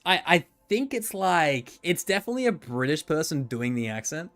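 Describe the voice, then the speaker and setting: Streamer type: chatty guy, lively up-and-down delivery, swears casually, faint music under him. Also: a little high, normal speed, hardly any pauses. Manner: rambling, joking, swears freely. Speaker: gacha game streamer. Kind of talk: casual livestream commentary. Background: faint background music.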